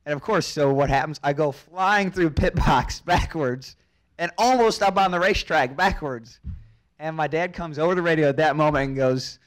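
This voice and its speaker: A man's voice: fairly high pitch, moderate pace. A tipsy young man, a race car driver, telling a long story at a press conference, chuckling and repeating words as he goes. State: a little drunk.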